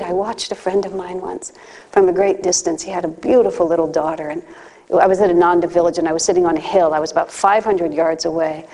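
A woman's voice: fairly low pitch, fairly even intonation, fast, dark tone. A woman giving a conversational spiritual talk, mixing teaching with personal stories and playful acted asides. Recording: long hall reverb.

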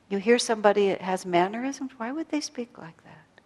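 Speaking briskly in a mid-range, slightly mellow voice with lively intonation, a woman leads an evening spiritual talk for a gathered group. She reflects through personal stories and laughs lightly at her own mistakes, her voice carrying a long reverb tail.

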